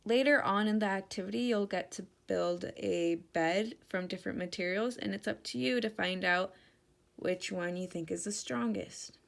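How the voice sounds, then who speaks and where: A woman teacher giving an interactive children's read-aloud, speaking directly and warmly to the kids. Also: medium pitch, normal speed, vocal fry.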